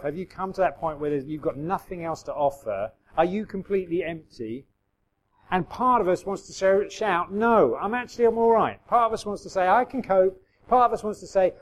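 In a rough recording, a middle-aged pastor delivers a relaxed, chatty sermon. His voice is a bit higher than most men's, and he drops into quoted voices with self-deprecating humour.

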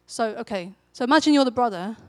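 A woman preaching a sermon in a conversational storytelling manner, growing animated when she acts out quotes. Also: fairly high pitch, fast talker, dry recording.

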